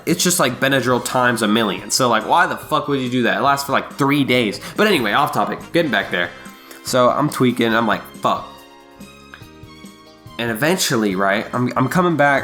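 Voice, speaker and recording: A man's voice: mid-range voice, a bit bright. A young man casually telling a rambling, profanity-heavy story, with faint music behind him.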